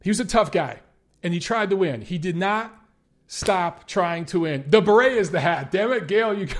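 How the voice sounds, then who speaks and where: A man's voice: high voice, lively intonation, moderate pace. A man hosting a boxing show, talking casually and bluntly with some profanity while answering viewer questions.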